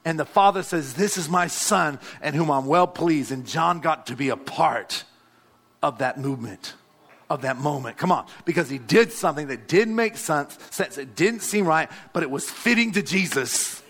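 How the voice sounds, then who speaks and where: A man's voice: a little high, animated, moderate pace, a bit bright, slightly rough. A male pastor, preaching a sermon and calling out to the congregation. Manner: exhorting, calls out to the congregation.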